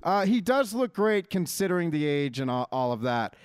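A man's voice: a little high, big pitch swings, normal speed, smooth, dry recording. A man co-hosting a casual chat, brash and teasing, with lots of swearing. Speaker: podcast co-host.

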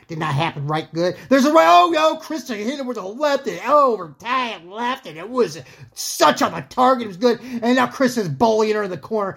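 A woman doing joking amateur play-by-play commentary on a fight, rambling, excitable and whooping. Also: medium pitch, creaky, slightly rough. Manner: rambling, excitable, whooping and laughing at her own jokes.

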